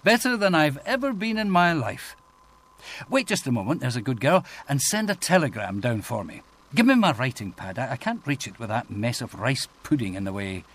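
A man's voice: medium pitch, sing-song, a bit bright. A man voicing an eager, elated bedridden detective in an audiobook. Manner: brisk, elated.

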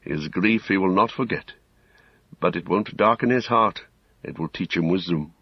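A man reading, voicing a gentle, wise king and healer who speaks calmly and solemnly. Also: low voice, moderate pace, husky, dry recording, muffled recording. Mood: solemn, kind. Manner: calm, solemn, reassuring. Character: gentle kingly male healer, calm and wise.

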